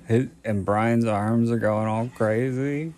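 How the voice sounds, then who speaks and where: A man's voice: medium pitch, takes it slowly, darkish tone, faint music behind. A man hosting a podcast, giving casual movie commentary in a meandering, think-aloud way. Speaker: podcast host.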